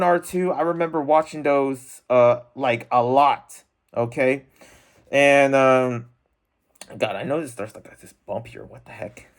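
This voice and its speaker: Young male vlogger, rambling and self-conscious, talking to camera from his room. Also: mid-range voice. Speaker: unboxing vlogger. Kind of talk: casual rambling chat.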